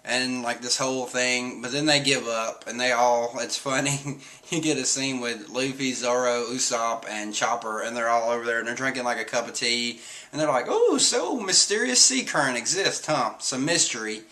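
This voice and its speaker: Bright-voiced young man recapping chatty. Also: mid-range voice, flat delivery, normal speed, poor audio. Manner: chatty, laughs often, acts out quotes in silly voices. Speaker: comic chapter reviewer. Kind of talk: casual recap commentary.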